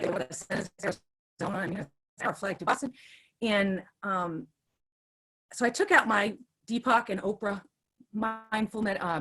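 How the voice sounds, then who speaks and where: A woman's voice: medium pitch, fairly bright tone. A woman in her fifties, a longtime teacher, telling a story in a chatty, hyper way with many restarts, speaking over a video call with earbuds. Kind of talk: casual storytelling on a webinar.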